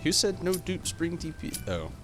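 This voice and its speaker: A man's voice: a little high, sing-song, normal speed, music in the background. A man streaming a game live, rambling animatedly, answering chat and swearing casually. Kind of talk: live gameplay stream commentary.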